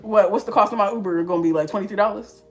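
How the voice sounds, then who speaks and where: A woman's voice: medium pitch, rapid-fire, soft background music. A young woman in her twenties telling a story to her viewers in casual, slangy chat, laughing often. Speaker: vlogger.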